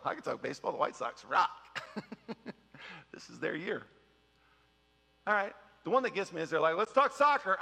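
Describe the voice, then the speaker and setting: Middle-aged pastor, high bright voice with gravel, chatty jokey sermon, long church-hall reverb. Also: male voice. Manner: animated, joking, mimics people in quick asides. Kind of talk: conversational sermon.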